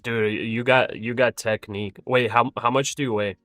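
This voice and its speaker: A man's voice: mid-range voice, fairly even intonation, moderate pace, fairly bright tone, no echo, soft background music. A man hosting a livestream in casual chat, easygoing and hesitant, with plenty of fillers. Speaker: livestream host.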